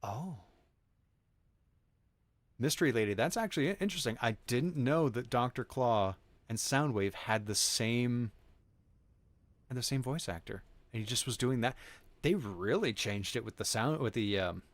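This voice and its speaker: A man's voice: mid-range voice, animated, normal speed, pauses often, dry recording. A man hosting a game livestream, chatting loosely and reacting to his chat as he plays. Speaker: livestream host. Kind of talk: casual chat while playing a game.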